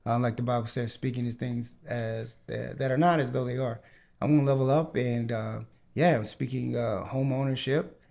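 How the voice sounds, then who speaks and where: A man's voice: mid-range voice, steady tone, normal speed, creaky, darkish tone. A man hosting a casual podcast chat, talking with many fillers and restarts. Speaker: podcast host.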